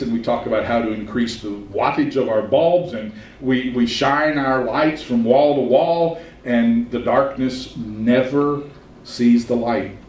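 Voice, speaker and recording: Pastor preaching in a roomy church. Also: male voice, medium pitch, darkish tone. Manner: folksy storytelling, slows for emphasis. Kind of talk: sermon. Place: church sanctuary. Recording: roomy church sound from a distance.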